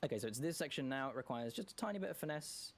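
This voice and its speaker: A man's voice: mid-range voice, lively intonation. A man giving live speedrun commentary in a chatty way, often correcting himself and joking. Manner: chatty, self-correcting, quick jokes and laughs.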